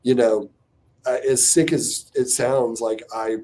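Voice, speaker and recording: A man's voice: medium pitch, slow pace. A man in his forties, a company co-founder, telling a candid personal story on a podcast with lots of fillers. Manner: animated, frequent "like" fillers, restarts.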